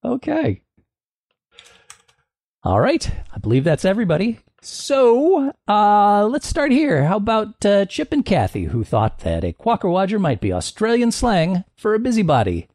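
A man's voice: high voice, wildly swooping pitch, unhurried, darkish tone, no echo, clean studio sound. Man hosting a comedy game show, playful, teasing, voice that leaps all over the place.

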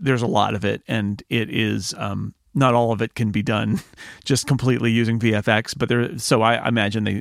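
A male podcast co-host with a creaky mid-range voice chats casually while recapping a TV episode. He's animated and acts out lines quoted from it. The sound is clean studio audio with no echo.

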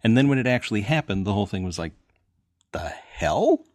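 A man's voice: on the low side, very fast, no echo, clean studio sound. A man chatting animatedly as a podcast panelist. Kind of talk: casual chat.

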